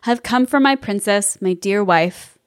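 A woman's voice: medium pitch, unhurried, clear, resonant tone, natural voice. A woman voicing an earnest, lovestruck young man in a comic storybook reading.

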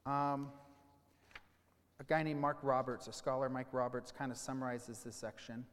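A man's voice: mid-range voice, flat delivery. Man preaching in a reverberant hall. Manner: teaching, with questions and slowed emphasis. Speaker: pastor. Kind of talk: sermon.

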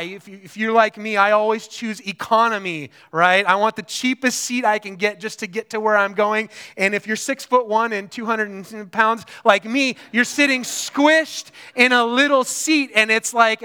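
A man preaching a sermon in a conversational, animated way, often checking in with the listeners. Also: high-pitched, smooth. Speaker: pastor.

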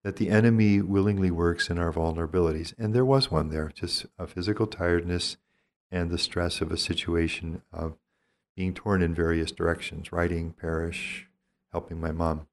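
Deep-voiced older priest, gentle and measured. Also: male voice, fairly even intonation. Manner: measured, gentle and thoughtful, with frequent pauses. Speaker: priest and retreat teacher. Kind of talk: reflective spoken teaching.

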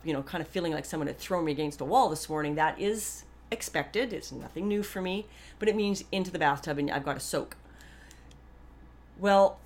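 A woman hosting a podcast, talking candidly and earnestly in a rambling, chatty way full of asides and restarts. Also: on the low side. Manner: warmly earnest and grateful. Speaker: podcast host. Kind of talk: candid personal monologue.

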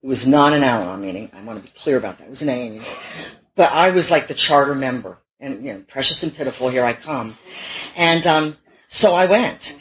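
A woman's voice: rumbling low, lively intonation, brisk, rough recording. A middle-aged woman telling her own recovery story to a meeting, candid and self-mocking, with wry humor. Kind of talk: personal recovery talk.

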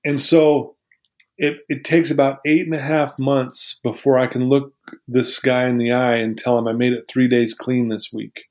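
A man's voice: medium pitch, flat delivery, moderate pace, darkish tone. A man as an interview guest, telling a personal story in an earnest, heartfelt, reflective way.

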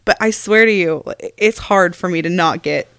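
A woman co-hosting a casual conversation, chatty and animated, laughing often as she talks. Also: on the low side, normal speed, dry recording, studio quality. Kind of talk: casual chat.

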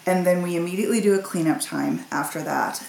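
A woman's voice: fairly low pitch, fast, vocal fry. Chatty woman in an echoey room. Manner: lively, laughs easily, talks in long runs. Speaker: guest parent. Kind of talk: casual conversation. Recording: echoey room with faint ambient noise.

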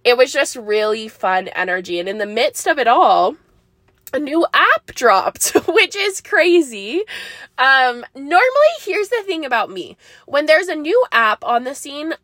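A woman's voice: high voice, big pitch swings, unhurried, a bit bright, dry recording, studio quality. A young woman hosting a casual solo podcast, rambling and bubbly, laughing often and filling her talk with likes and ums. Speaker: podcast host.

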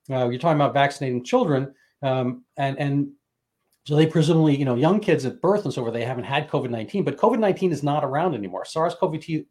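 A man hosting a casual conversation, talking in a halting way with many restarts. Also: a little high, darkish tone. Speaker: host.

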